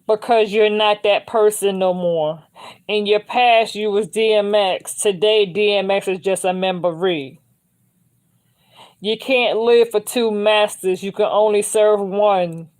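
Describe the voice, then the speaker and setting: A woman voicing a patient, calm spirit who explains things to a dying man. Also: mid-range voice, measured pace, lightly acted. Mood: firm.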